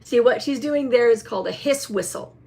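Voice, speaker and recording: A woman in a casual show-and-tell vlog, chatting about a toy with many fillers and some throat-clearing. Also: on the high side, fairly quick, a little mellow. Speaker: vlogger showing a toy.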